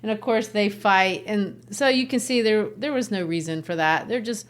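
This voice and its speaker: A woman's voice: mid-range voice, moderate pace. A woman from Brazil, co-hosting a podcast and explaining a play in a chatty, casual way. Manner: explains the text with chatty asides. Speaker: podcast co-host. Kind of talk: casual literature discussion.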